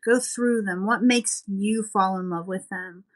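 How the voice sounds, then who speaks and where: On a podcast, a woman who writes romance novels chats casually with her interviewer, coming across as enthusiastic, thoughtful and modest. She speaks at a measured pace in a medium-pitched voice, though the audio quality is poor.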